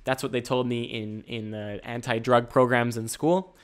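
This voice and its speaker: A man's voice: mid-range voice, moderate pace. A man hosting his own podcast, rambling and joking in a laid-back solo monologue. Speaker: podcast host.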